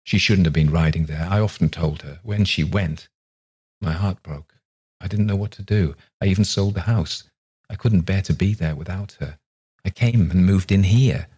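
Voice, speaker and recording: A man voicing a gentle old retired doctor. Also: low-pitched, normal speed, husky. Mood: consoling. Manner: soft, consoling, wistful. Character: gentle older retired male doctor, kindly.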